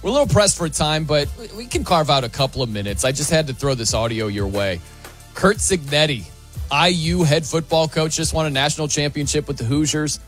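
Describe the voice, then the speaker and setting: A man hosting a sports radio show, energetic and upbeat as he introduces segments and banters with co-hosts. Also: a little high, a little fast, soft background music. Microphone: studio microphone.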